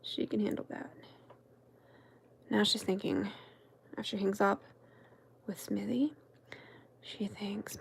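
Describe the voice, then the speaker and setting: A woman crafting-channel host who tells a meandering story in a soft, chatty whisper. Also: mid-range voice, steady tone, takes it slowly, vocal fry, pauses often, breathy edge.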